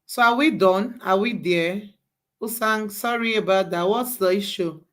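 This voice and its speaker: A woman teaches a live tech class at an unhurried pace. She coaxes her students through each step, repeating directions until everyone catches up. Her voice sits at an ordinary middle pitch. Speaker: bootcamp instructor.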